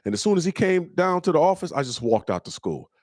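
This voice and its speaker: Animated streetwise man spinning stories. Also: fast, no echo, clean studio sound. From Michigan. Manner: animated, acts out quoted voices in a higher pitch; streetwise slang, blunt and preachy. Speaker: comedian host answering listener questions. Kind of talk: casual storytelling chat.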